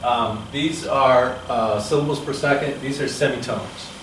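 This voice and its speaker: A man's voice: mid-range voice, measured pace, far from the mic, a little hiss or hum. Man lecturing in an echoey room. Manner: chatty and explanatory, answers questions. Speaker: speaking coach leading a seminar. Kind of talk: seminar lecture. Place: seminar room.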